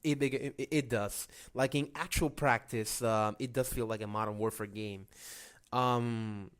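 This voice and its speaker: A man's voice: medium pitch, steady tone, unhurried, clean tone. A man co-hosting a casual gaming podcast, often stumbling and restarting his sentences. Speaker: podcast co-host.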